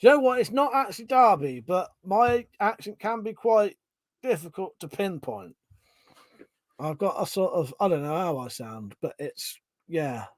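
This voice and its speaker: A rambling, chatty man with a Home Counties English accent, hosting a relaxed livestream and chuckling between thoughts. His voice sits a little higher than most men's. It is recorded close and dry, with no room echo. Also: moderate pace. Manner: rambling, chatty, chuckles often, swears casually. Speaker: livestream host. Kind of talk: casual livestream chat, reading out viewer comments.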